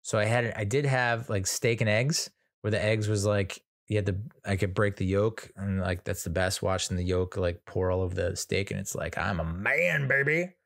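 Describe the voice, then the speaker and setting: American guy in his 30s, kinda gravelly, rambling self-roasting comedy story, lots of restarts. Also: fairly low pitch, level tone, normal speed. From United States. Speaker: comedian host.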